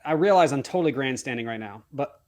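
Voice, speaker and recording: A wedding photographer on a podcast tells a story earnestly, often restarting and correcting himself and acting out dialogue he remembers. His mid-range voice is fast, with lively intonation.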